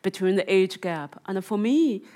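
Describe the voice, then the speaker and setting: A woman's voice: medium pitch, animated, a little slow, warm tone. A woman from China who is an author and filmmaker, talking in an interview with frequent restarts and many "you know"s, and reading aloud from her memoir. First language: Chinese.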